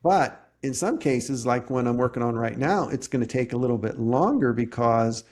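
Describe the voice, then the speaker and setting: A man hosting a podcast interview, explaining tax resolution in a measured way with frequent restarts. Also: medium pitch, expressive, darkish tone.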